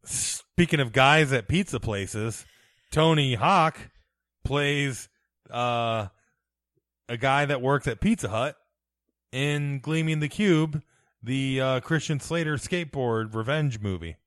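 A man in his forties co-hosting a podcast from home, rambling through stories with deadpan jokes. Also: mid-range voice, slow pace, dry recording, clean studio sound. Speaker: podcast co-host. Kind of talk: casual comedic chat. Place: home bedroom.

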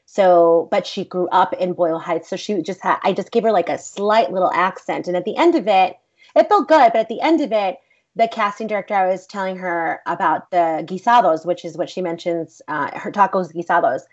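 Animated Texan actress, interview guest, rambling anecdotes, slightly muffled recording. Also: female voice, fairly low pitch, brisk. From Texas. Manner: animated, rambling, many fillers like "like". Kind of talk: casual interview storytelling.

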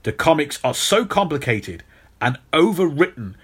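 A man's voice: fairly high pitch, big pitch swings, normal speed, fairly bright tone, slightly rough. A man hosting a podcast, telling a long story in casual chat and often restarting his sentences. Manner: storytelling, repeats words when restarting. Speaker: podcast host.

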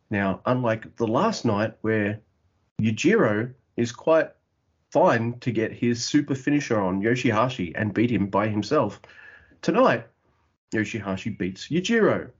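Husky, animated male podcast co-host; dull lo-fi recording. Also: mid-range voice. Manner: animated, mimics wrestlers with loud yelps and laughs. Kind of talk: casual wrestling recap chat.

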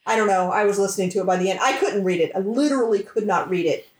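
A woman's voice: mid-range voice, rapid-fire, roomy sound. A woman in a casual book chat, emphatic and exasperated, who swears freely. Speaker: book club member.

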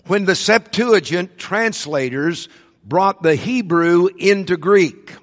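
Unhurried and deliberate, a male preacher delivers his sermon while stressing the words he wants his audience to notice. His voice is a little high for a man, and the sound carries a long, large-hall reverb.

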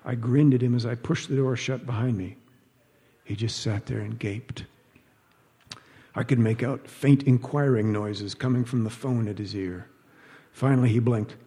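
A man's voice: medium pitch, fairly even intonation, normal speed, dark tone, husky, long reverb tail. A man narrating an audiobook in a dry, wry storytelling manner.

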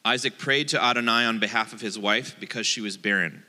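A man's voice: fairly low pitch, a little fast, sharp tone, in a large hall. A man, a rabbi, giving a playful, joking sermon and acting out the voices in his quotes.

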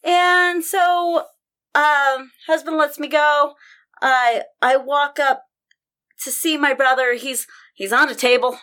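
A woman's voice: high-pitched, fairly even intonation, takes it slowly, sharp tone. A woman in casual conversation, telling a personal story with passion and vivid detail. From Denver. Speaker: podcast guest storyteller.

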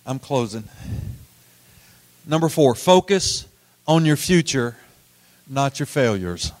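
A middle-aged man preaching a sermon, telling folksy stories with repeated words and swings from loud to hushed. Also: medium pitch, animated, slow, dry recording. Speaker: pastor.

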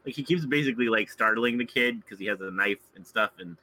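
A man appearing on a casual podcast retells a film's plot, chuckling often as he recounts scenes. He speaks fast in a lowish, sharp-toned voice, and the recording is rough.

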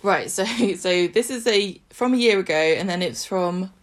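A woman's voice: mid-range voice, moderate pace. A woman co-hosting a casual podcast, chatty and laughing often as she reads through her notes. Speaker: podcast co-host.

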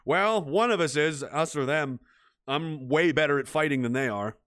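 Sweary, bright-voiced male streamer. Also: on the high side, moderate pace, no echo, clean studio sound. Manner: ranting, sweary, mumbles asides. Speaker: streamer reading viewer messages. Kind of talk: profane livestream chat reading.

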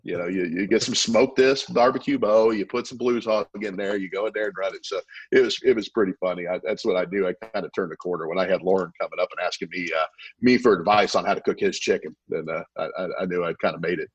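Brief: male guest, low husky voice, rapid rambling storyteller, dry close sound. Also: steady tone, dry recording, lo-fi sound. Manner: rambling, repeats words, quick restarts. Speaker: podcast guest, barbecue pitmaster. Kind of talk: casual storytelling chat.

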